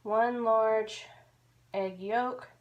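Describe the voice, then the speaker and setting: A woman's voice: a little high, fairly even intonation, drawn-out words, highs cut off. A young woman from the American South with no Southern accent, chatting in a bubbly, rambling, self-mocking way while baking. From Georgia, USA. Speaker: vlogger. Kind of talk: casual chat while baking.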